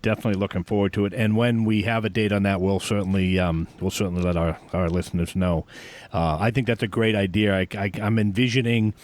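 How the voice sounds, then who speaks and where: A man's voice: on the low side, level tone, fast, darkish tone. A man hosting a podcast interview, casual, jokey and self-deprecating. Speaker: podcast host.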